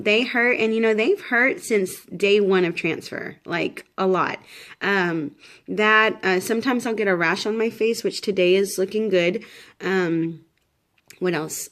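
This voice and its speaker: A woman's voice: medium pitch, moderate pace, a bit bright. Chatty, tired woman vlogging casually. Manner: chatty, rambling, many fillers and restarts. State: tired and shaky. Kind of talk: casual pregnancy update vlog.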